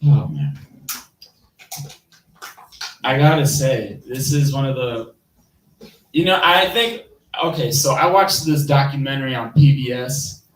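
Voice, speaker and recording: A man's voice: medium pitch, lively intonation, measured pace, pauses often, reverberant, distant mic, a little hiss or hum, low-quality recording. A man with a Midwestern accent doing rambling, self-deprecating stand-up, laughing at his own jokes. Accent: Midwestern American. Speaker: stand-up comedian. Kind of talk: stand-up comedy set on a live stream.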